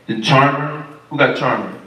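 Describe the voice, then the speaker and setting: A man's voice: mid-range voice, moderate pace, pushed and bright. Man, casual Bible study teacher, echoey room, distant from mic. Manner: casual, questioning the group, informal speech.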